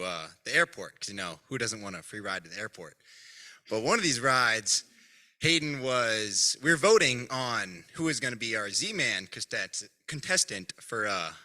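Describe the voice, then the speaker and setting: A young man telling a halting, self-deprecating story at a memorial gathering. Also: medium pitch, pushed and bright. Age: young adult. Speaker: speaker at a memorial.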